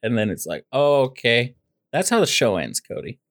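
A man's voice: fairly low pitch, huge pitch swings, fast talker, fairly bright tone, no room sound, clean studio sound. A man co-hosting a casual movie podcast, ranting with sarcasm about a show he disliked. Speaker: podcast co-host.

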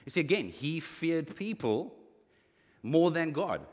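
A man preaching a sermon as a pastor, animated, acting out quoted lines with a rising voice. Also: a little high, takes it slowly, slightly rough, big-room sound.

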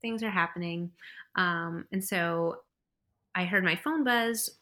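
A woman's voice: lowish voice, takes it slowly, bright, forceful tone. A young woman chattily telling the story of her labor, laughing often and acting out what others said. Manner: chatty, laughs often, acts out quoted voices. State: pregnant. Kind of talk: casual storytelling.

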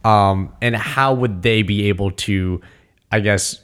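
A man with a fairly low voice talking casually on a podcast. He is animated and acts out a posh waiter in little bursts. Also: takes it slowly, clean tone. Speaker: podcast co-host. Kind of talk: casual chat.

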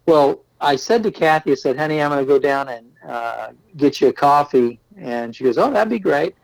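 A man's voice: fairly high pitch, normal speed, vocal fry, no echo, rough recording. A pastor from Austin, chatting casually and animatedly acting out the people in his stories. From Austin, Texas. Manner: animated storyteller who acts out quotes. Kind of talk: casual storytelling chat.

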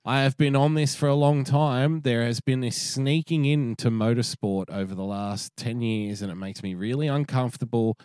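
A man's voice: medium pitch, normal speed, hardly any pauses, a little mellow, smooth, dry recording, studio quality. A man co-hosting a podcast, making wry, teasing remarks in casual banter. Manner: wry, teasing, mock voices. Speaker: podcast co-host.

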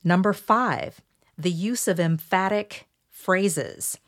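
A woman hosting a solo podcast, calmly walking listeners through a numbered list of points. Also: lowish voice. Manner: measured, explanatory, walks through numbered points. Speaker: podcast host.

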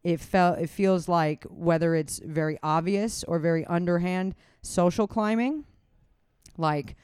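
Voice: mid-range voice, takes it slowly, a little mellow, smooth, dry recording, clean studio sound. A comedian and podcast host in casual chat, rambling and swearing freely.

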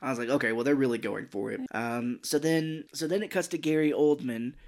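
A podcast co-host recounts a movie's scenes in casual conversation, acting out quoted lines and swearing freely. His voice sits in the mid range with a darkish tone, and he talks fairly quickly.

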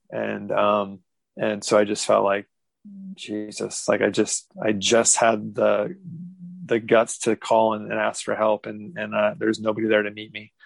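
A man in his thirties telling a candid personal story as an interview guest, halting with many restarts. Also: fairly low pitch, creaky, no room sound, rough recording.

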